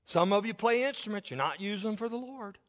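Emphatic high-voiced male preacher. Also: expressive, fast talker, a bit bright. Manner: emphatic, repetitive preaching with rising and falling intensity. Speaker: pastor. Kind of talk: sermon.

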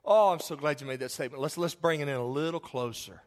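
A man preacher with a fairly high voice delivers a sermon as folksy, animated storytelling. He stumbles into repeated restarts and turns to ask his listeners direct questions. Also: quick pace.

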